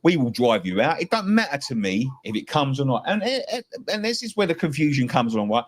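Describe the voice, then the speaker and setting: A man's voice: fairly high pitch, very animated, a little fast. A middle-aged man from England, a football fan talking passionately, swearing and repeating himself. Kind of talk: heated fan-show chat.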